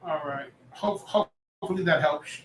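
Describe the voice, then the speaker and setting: A bright, high-voiced man hosting a loose live stream, chatting and reading viewer comments aloud. His voice rings out in an echoey room, relaxed and rambling. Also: moderate pace, slight background noise. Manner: chatty, reads chat aloud, jokes and rambles. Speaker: livestream host. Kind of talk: casual live-stream chat.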